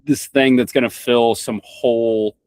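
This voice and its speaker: A man's voice: mid-range voice, fairly even intonation, a little slow, darkish tone, clean tone, no room sound. A young man from Kentucky, a podcast guest, talking casually, rambling with restarts and swearing bluntly. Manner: rambling, frequent restarts and stammered repeats. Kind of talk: casual conversation.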